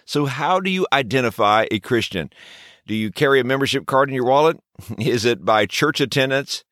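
A man's voice: mid-range voice, lively intonation, normal speed, fairly bright tone, no room sound. Male devotional host, earnest, asks rhetorical questions; dry close mic. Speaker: podcast host. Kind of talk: devotional podcast teaching.

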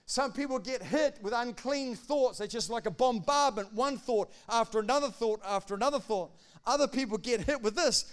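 A male pastor preaching a sermon, animated, acting out quotes and swinging between loud declarations and hushed asides. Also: very high-pitched, smooth.

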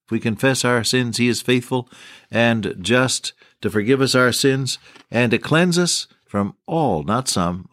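A man's voice: medium pitch, dry recording, clean studio sound. A man preaching a sermon in an earnest, fervent old-style manner, quoting scripture as he speaks. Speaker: radio preacher.

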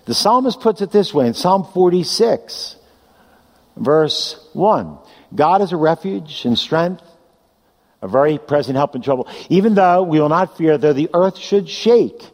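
A man's voice: on the high side, expressive, a little slow. A man preaching a sermon, reading scripture aloud with emphatic delivery. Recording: long hall reverb.

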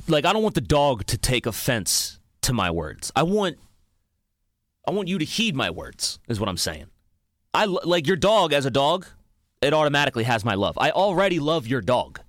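Animated, profane podcast host ranting. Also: male voice, medium pitch, no echo, clean studio sound. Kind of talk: casual comedic monologue.

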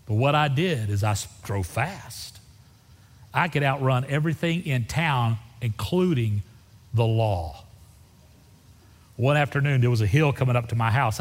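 A middle-aged pastor preaching a sermon, moving from folksy storytelling to fervent exhortation. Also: male voice, mid-range voice. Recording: reverberant church hall.

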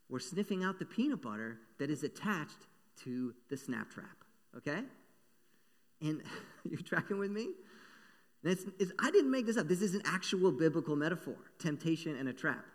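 A man preaching a sermon, playful and animated, acting out little voices as he talks. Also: fairly high pitch. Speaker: pastor. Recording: long echo of a large hall.

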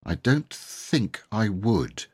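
Storybook boy, quick to anger, pitched high and lively, read by a man. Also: husky. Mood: cross. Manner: cross, excitable. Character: hot-tempered young boy.

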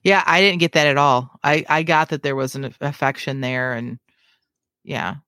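A woman's voice: rumbling low, fairly even intonation, moderate pace, bright, forceful tone, no room sound. Woman co-host, chatty and self-deprecating, close dry mic. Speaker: podcast co-host. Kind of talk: casual chat and reading her own fiction aloud.

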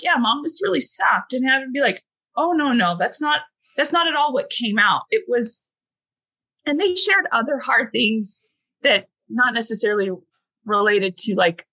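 A woman's voice: mid-range voice, pushed and bright, breathy edge, rough recording. A woman in her forties, a podcast guest, telling a heartfelt family story with lots of fillers and quoted dialogue. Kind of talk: emotional storytelling in a podcast chat.

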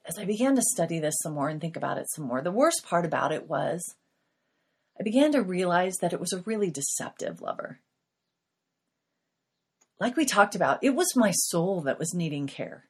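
Breathy middle-aged woman, podcast host, earnest confessional faith testimony. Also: mid-range voice.

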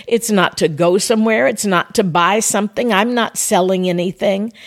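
A woman's voice: medium pitch, darkish tone. Earnest older woman giving a devotional talk. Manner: earnest, conversational, addresses listeners directly. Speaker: ministry podcast host.

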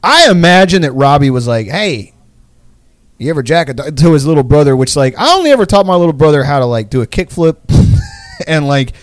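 A man's voice: a little high, big pitch swings, fast talker, no room sound. A young man casually telling a long story on a podcast, rambling with lots of fillers and swearing. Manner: rambling, lots of "like" fillers and profanity, laughs often. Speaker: podcast co-host.

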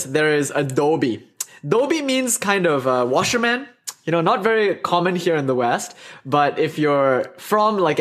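A man talks through a teaching story in a loose, chatty way. He laughs easily and often wanders off on tangents. His voice sits slightly high for a man. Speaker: speaker telling a teaching story. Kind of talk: casual spoken storytelling.

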